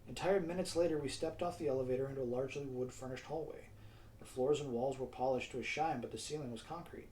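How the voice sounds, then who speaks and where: A man's voice: mid-range voice, fast talker, darkish tone, a little hiss or hum, low-quality recording. Man reading his own story, wry asides. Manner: casual, wry asides to the listener. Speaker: narrator and author. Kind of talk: self-read audiobook narration.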